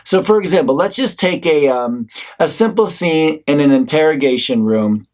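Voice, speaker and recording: A man's voice: a little high, animated, moderate pace, darkish tone. A male acting instructor giving a talk on scene breakdown in a casual, conversational way, now and then acting out short lines himself. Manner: conversational, demonstrates lines in character. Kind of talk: acting class lecture.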